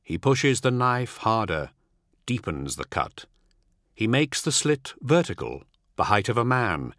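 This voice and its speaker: A man giving a measured, dramatic audiobook narration. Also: on the low side, sing-song, fairly bright tone, no room sound, clean studio sound.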